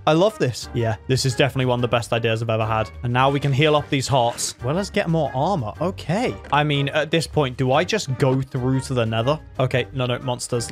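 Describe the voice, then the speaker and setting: A man giving excitable gameplay commentary, yelping and laughing at his own game. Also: medium pitch. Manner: excitable, yelps and laughs, self-mocking. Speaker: gaming YouTuber.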